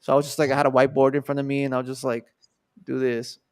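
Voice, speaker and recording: A man's voice: mid-range voice, monotone, very fast, smooth, no room sound, clean studio sound. A man in his twenties from Texas, telling a personal story in a loose, casual way, full of fillers and swearing. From Texas, USA. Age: 20s. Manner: loose and profane, many fillers. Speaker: guest artist.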